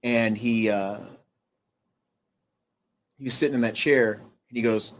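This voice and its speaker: On an interview show, a middle-aged male guest shares something personal in a halting manner full of restarts and fillers. His mid-range voice keeps a steady tone, though it quiets at the weighty moments.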